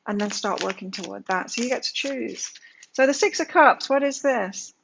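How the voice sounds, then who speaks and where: A woman's voice: on the high side, normal speed, gravelly, background noise. A woman giving a daily tarot energy reading, talking emphatically with lots of rhetorical questions. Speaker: tarot reader. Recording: slightly dull lo-fi sound.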